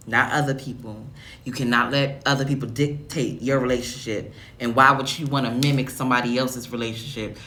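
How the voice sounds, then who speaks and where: A man's voice: medium pitch, sharp tone. A man giving earnest, slangy relationship advice in a casual talk.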